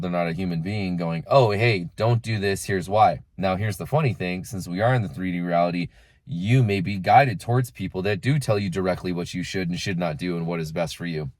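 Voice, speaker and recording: A man's voice: sits low, fairly quick, darkish tone, dry recording. A young man talking casually to camera as a spiritual coach, chatty and full of filler "like"s and acted-out inner voices. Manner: conversational, lots of "like" and acted-out inner quotes.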